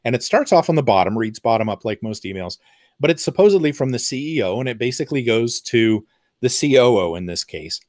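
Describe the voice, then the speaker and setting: A man's voice: mid-range voice, very animated, fairly quick, darkish tone, no echo, clean studio sound. A man giving an explanatory talk in a conversational way, with fillers and asides. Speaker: presenter.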